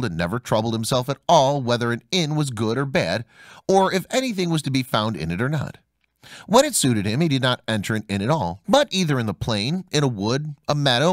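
A man narrating a fairy tale audiobook in an expressive storytelling manner. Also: medium pitch, no room sound, clean studio sound. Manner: expressive storytelling, voicing each character.

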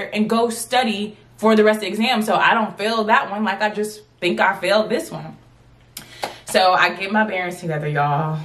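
A woman in her late twenties telling a storytime vlog to her viewers, in a lively, chatty way that keeps calling out to them. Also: medium pitch, normal speed. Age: 20s. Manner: animated, chatty, addresses viewers as y'all. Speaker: vlogger.

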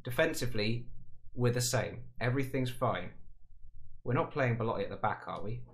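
A man giving casual, excitable commentary over a football management game, talking to himself and panicking aloud. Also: mid-range voice, moderate pace. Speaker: gaming YouTuber.

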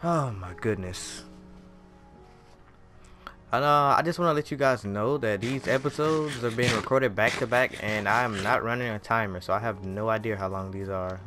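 A man's voice: lowish voice, moderate pace, pushed and bright. A man giving casual commentary over his own gameplay, jumpy and exclaiming, talking straight to the game. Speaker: gaming video creator. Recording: game music playing behind voice.

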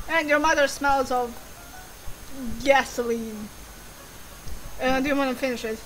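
A woman's voice: high voice, a little slow, pauses often, a bit bright, low-quality recording. A woman commentating her gameplay in casual chat, giggling, swearing and exclaiming at the game. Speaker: gaming channel host. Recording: faint background music.

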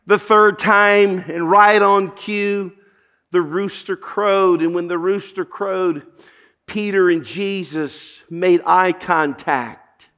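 A man's voice: high-pitched, fairly even intonation, takes it slowly, pushed and bright. A male pastor preaching a sermon, telling a story earnestly with repeated false starts.

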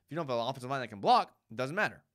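A man's voice: medium pitch, big pitch swings, very fast, fairly bright tone. A man hosting a live sports talk show, arguing emphatically with rhetorical questions and repeated points, and reading out viewer comments. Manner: reads viewer comments aloud.

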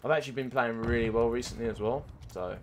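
Over the sound of in-game gunfire, a young streamer talks fast in a medium-pitched voice, commenting on his gameplay. He swears often, sounds frustrated and animated, and calls his viewers boys and mate. There's slight background noise.

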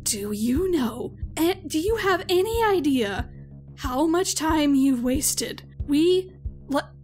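A woman's voice: very high-pitched, pitched above the performer's own voice. A woman voicing a furious, fed-up teenage girl ranting at her club in a tabletop game. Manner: clipped, seething, ranting.

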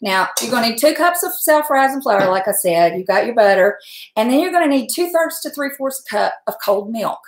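A middle-aged woman, hosting a casual cooking stream from her home kitchen, folksy and chatty, laughing often and talking fast from nerves. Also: fairly high pitch, animated. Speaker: home cook and channel host. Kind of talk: casual cooking livestream chat. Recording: echoey kitchen room.

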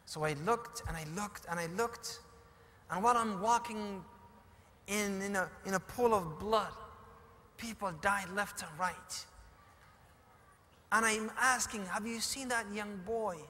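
Male preacher, dramatic sermon storyteller, Arabic phrases, forceful tone, echoey hall. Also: high-pitched, slow, long pauses.

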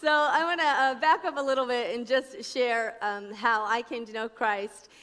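A middle-aged woman from New Jersey speaks on a conference stage, telling her story with bright, crisp energy and playing out each voice she quotes. Her voice sits high, and the hall's long echo hangs behind her words. She talks the way a practiced speaker does at a faith event. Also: fairly even intonation, moderate pace. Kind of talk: personal testimony talk. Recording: echoey conference hall.

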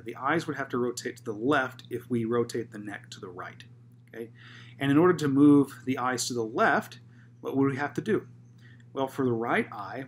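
A man's voice: medium pitch, a little hiss or hum. Methodical man explaining anatomy. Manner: methodical, asks rhetorical questions then answers, frequent "okay?" check-ins. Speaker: physical therapist lecturer.

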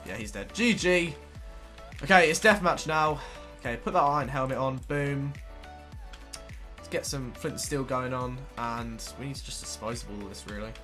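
Young male gamer, under the weather, bright tense tone, mutters low play-by-play over faint game music. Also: normal speed. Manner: mutters quietly to himself while playing. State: ill with a cold. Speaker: gaming video host. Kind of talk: casual gameplay commentary.

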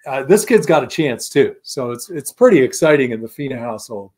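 A man's voice: mid-range voice, big pitch swings, fairly quick, a little mellow, husky. A man in his fifties, a former pro football lineman, telling stories as a guest in a casual interview, acting out quoted voices and laughing often.

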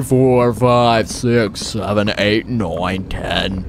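A man's voice: mid-range voice, big pitch swings, moderate pace, noisy background. A man giving casual let's play commentary on a horror game, rambling with laughing asides. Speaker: gaming YouTuber.

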